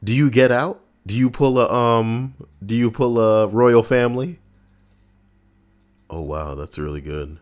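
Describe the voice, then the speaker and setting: A man live-streaming, reacting and chatting casually, swinging between loud outbursts and low mutters. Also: measured pace.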